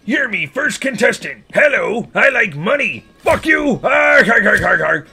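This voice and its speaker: A man voicing a gruff, greedy old sea-captain crab, using salty pirate growls and frantic yelling while commentating on a game. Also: extremely high pitch, sing-song, a little slow, full character voice. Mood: gruff excited. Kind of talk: in-character gaming commentary.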